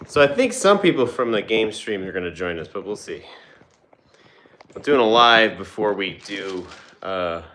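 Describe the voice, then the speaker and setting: Lively young man chatting on a livestream. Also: on the low side, normal speed. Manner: loose, rambling, with fillers and restarts. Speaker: livestream host and dog owner. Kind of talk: casual livestream chat. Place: home, with dogs nearby. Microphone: phone on a tripod, vertical stream.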